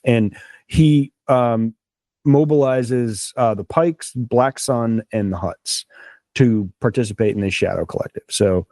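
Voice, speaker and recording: A man's voice: mid-range voice, dark tone, dry recording. A man hosting a casual podcast chat, rambling with enthusiasm and lots of fillers. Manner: chewing a snack while talking. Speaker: podcast host.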